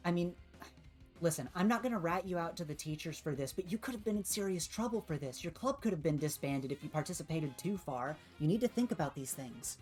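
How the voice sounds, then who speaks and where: A woman's voice: lowish voice, expressive, brisk, darkish tone, faint music behind, lightly acted. Woman voicing a stern teen girl leader. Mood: lecturing. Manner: scolding, lecturing.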